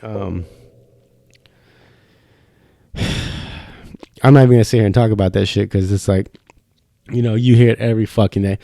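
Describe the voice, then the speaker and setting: A man's voice: on the low side, steady tone, brisk, vocal fry, pauses often, warm tone, no room sound. A young man hosting a podcast in a studio, ranting loosely and swearing constantly in casual chat. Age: young adult. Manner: profane, ranting, fired up. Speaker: podcast host.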